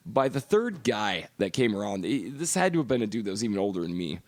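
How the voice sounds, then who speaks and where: A man's voice: fairly low pitch, very animated, fast. A middle-aged man co-hosting a podcast, telling long profane stories in casual chat. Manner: profane storytelling. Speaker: podcast co-host.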